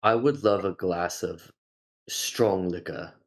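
A player voicing a gruff companion with a slow, laconic manner who wants strong liquor. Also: sits low. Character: gruff deep-voiced liquor-loving companion.

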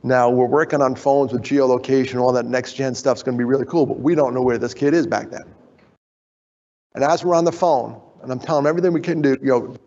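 A man's voice: mid-range voice, fairly even intonation, quick pace, darkish tone. A man giving a storytelling conference talk, animatedly acting out the voices of the people he quotes. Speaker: conference speaker. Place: conference hall. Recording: echoey hall, dull sound.

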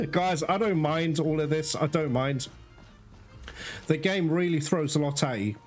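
Man, let's play commentary, excitable, cursing, fairly high voice, game music behind. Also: unhurried. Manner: excitable, swears often, talks to viewers as guys. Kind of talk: gameplay commentary.

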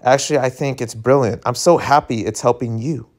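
A man voicing a kind teenage boy who speaks gently and soothingly. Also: mid-range voice, steady tone, brisk, lightly acted. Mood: warm.

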